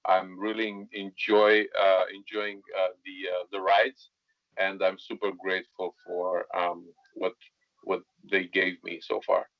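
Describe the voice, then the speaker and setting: A low-voiced man talks as a guest, rambling and leaning on fillers and "right?" tags. English is not his first language. The sound is dry and a little dull. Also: level tone, unhurried, no room sound. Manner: rambling, many fillers and tag questions. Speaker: actor, podcast guest. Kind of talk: casual interview chat.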